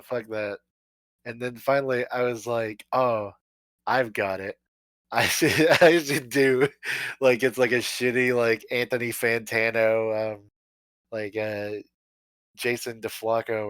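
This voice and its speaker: A man's voice: fairly low pitch, fairly bright tone, no room sound, low-quality recording. Male podcast guest: loose, profane, laughs a lot, close and dry sound. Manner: rambling, profane, laughs often. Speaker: guest musician. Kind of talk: casual podcast chat.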